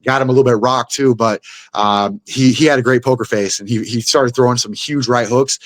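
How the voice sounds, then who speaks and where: A man's voice: mid-range voice, steady tone, brisk, no room sound. A young man, a guest fighter, telling a fight story in casual chat. He swears freely and acts out the blows with sound effects.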